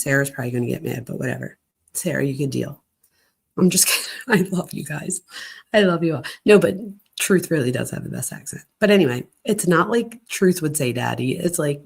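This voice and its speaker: A woman's voice: low-pitched, expressive, normal speed, gravelly, husky. A woman hosting a casual commentary, chatting and reacting aloud as she reads through documents. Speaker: host.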